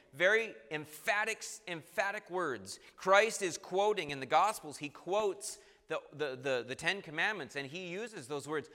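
Emphatic male preacher, bright forceful voice. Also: on the high side, normal speed, hardly any pauses, big-room sound. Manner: emphatic, rising to forceful peaks. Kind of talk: sermon.

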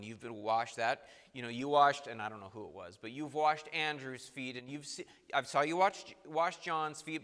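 A man's voice: a little high, sharp tone, long reverb tail. A man preaching who acts out a proud, stubborn male apostle speaking haughtily and insistently.

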